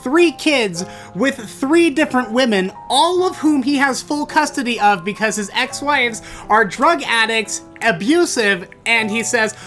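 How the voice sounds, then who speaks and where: A man hosting a storytelling show, recounting a bad date in an animated, theatrical way that bursts into exclamations. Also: very high-pitched, a little slow, hardly any pauses, soft background music. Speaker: storytelling podcast host. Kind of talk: comedic personal storytelling.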